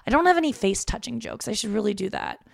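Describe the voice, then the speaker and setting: A woman comedian rambles through a solo podcast with a gravelly, fried edge to her voice. She mocks herself and swears freely, and the sound is dry, with almost no room echo. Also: a little high, lively intonation, fast. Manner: rambling, self-mocking and profane. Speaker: stand-up comic and podcast host. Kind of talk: casual solo podcast monologue. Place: room in her parents' home.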